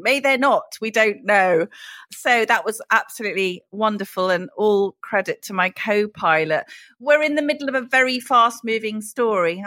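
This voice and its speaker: A British woman co-hosting a political podcast, speaking in a lively, arch and teasing way. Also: medium pitch, no echo. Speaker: podcast co-host.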